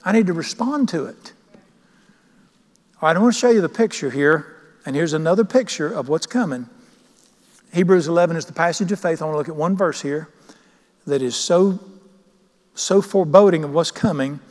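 A man's voice: a little high, animated, normal speed, long pauses, a little mellow. A pastor preaching a sermon, emphatic and questioning his congregation. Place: church sanctuary. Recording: long church reverb.

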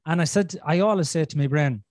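A man talks bluntly and swears freely, slipping into the voices in his own head. His voice sits a little high for a man. The sound is dry and close, with no room around it. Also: fairly quick, darkish tone, no echo. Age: 40s. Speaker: podcast host. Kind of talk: casual conversation.

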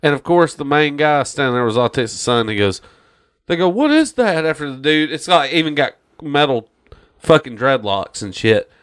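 A man's voice: medium pitch, moderate pace, a bit bright, clean tone. A man on a casual podcast, ranting about a movie with heavy swearing and mocking quotes. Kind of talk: casual chat.

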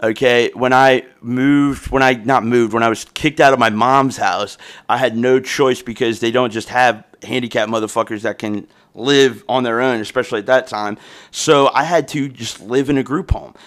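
A man's voice: mid-range voice, steady tone, moderate pace, a bit bright. A young man hosting a podcast, telling a story in a loose, profane, rambling way with frequent restarts. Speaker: podcast host.

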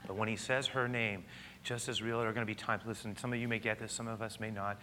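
A male pastor preaching a sermon, telling the story with animated delivery and sometimes dropping to hushed, intimate tones. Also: on the low side, fast talker, background noise.

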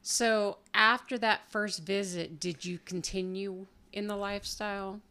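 A woman's voice: mid-range voice, fairly even intonation, unhurried, sharp tone. A woman co-hosting a podcast, chatting casually and prompting her partner with supportive questions. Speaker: podcast co-host. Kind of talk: casual chat.

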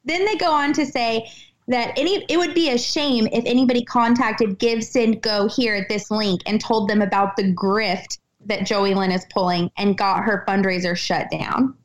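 A woman in her thirties from Texas, guesting on a podcast and talking in an excitable, animated way with lots of fillers. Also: mid-range voice, moderate pace, low-quality recording. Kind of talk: casual podcast chat.

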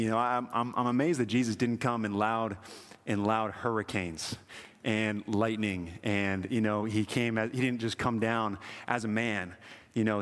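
A man's voice: fairly high pitch, a bit bright, in a large hall. A man in his thirties giving a casual, rambling sermon as pastor, full of "you know".

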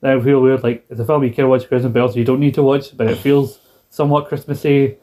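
A man's voice: medium pitch, flat delivery, quick pace, mellow. A British man co-hosting a podcast in casual chat, rambling and acting out quoted lines in a raised put-on voice. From Britain. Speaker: podcast co-host.

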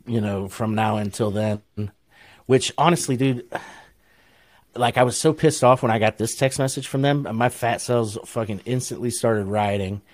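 A middle-aged man with an Ohio accent co-hosts a podcast, telling a long story in a relaxed, profane way and laughing a lot. His voice is medium in pitch and moderately paced, with no echo, and the talk is casual chat and storytelling.

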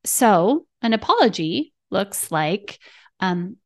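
A woman's voice: mid-range voice, very animated, slow, dry recording, clean studio sound. A woman, a parent coach, hosting a podcast and teaching in numbered steps, often checking in with "right?" and "okay.". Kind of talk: instructive podcast talk.

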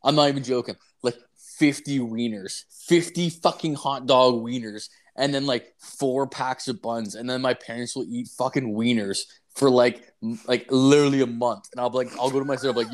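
A man's voice: medium pitch, fairly even intonation, normal speed, few pauses. A man co-hosting a podcast, telling rambling anecdotes full of swearing in casual chat. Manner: profane rambling storytelling. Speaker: podcast co-host.

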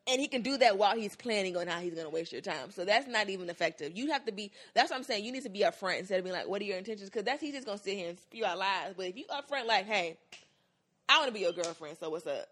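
A young woman co-hosting a podcast in casual chat, animated and acting out quoted lines with frequent laughs. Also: mid-range voice, very fast, hardly any pauses. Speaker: podcast co-host.

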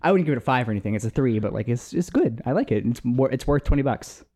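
A man's voice: medium pitch, expressive, fast talker, dark tone. A young man co-hosting a casual podcast, teasing his friend with sarcastic, joking banter. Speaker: podcast co-host. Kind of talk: casual chat.

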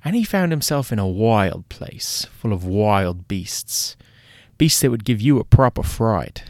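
A man's voice: fairly low pitch, big pitch swings, a little mellow, no room sound, clean studio sound. Man putting on a British gangster storyteller. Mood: storytelling. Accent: British, put on. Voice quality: theatrical, drawn-out storytelling. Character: British gangster's right-hand man spinning a tale.

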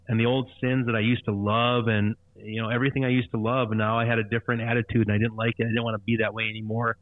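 Speaking as a guest, this thirtysomething man recounts how he converted, earnestly and repetitively, often stopping to start over. His pitch sits mid-range and barely moves, and the dry, echo-free audio has a thin, phone-line quality.

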